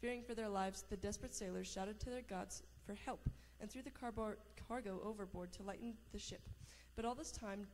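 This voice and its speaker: A woman reads a long Bible passage aloud at an even pace, stumbling now and then and restarting a word. The sound is a hall with a long echo and a faint hum of room ambience behind her. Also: mid-range voice, a little fast, hardly any pauses. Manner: steady reading with small slips and restarts. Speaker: scripture reader. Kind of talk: reading scripture aloud.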